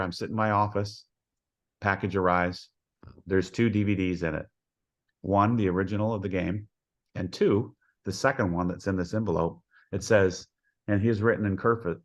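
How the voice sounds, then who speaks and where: A man with a very deep voice tells stories as a podcast guest, in a folksy, homespun way. He acts out the dialogue in his anecdotes as he goes. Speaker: head softball coach, podcast guest. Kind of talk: storytelling in a podcast interview.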